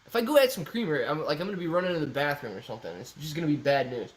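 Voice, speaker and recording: A man's voice: on the high side, animated, rapid-fire. Jokey young man hosting a livestream. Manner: jokey, reads viewer comments aloud. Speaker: livestream host. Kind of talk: casual livestream chat.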